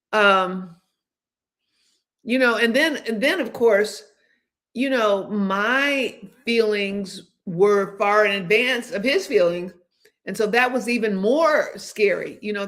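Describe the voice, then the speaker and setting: A woman's voice: mid-range voice, a bit bright. Rambling woman in her seventies. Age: 70s. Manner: rambling, with many restarts and hesitations. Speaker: host. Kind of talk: casual livestream chat.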